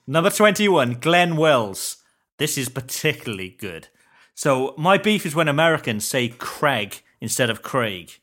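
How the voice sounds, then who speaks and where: Wry man with lively pitch. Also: normal speed. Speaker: podcast co-host reading listener mail. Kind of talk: casual podcast banter.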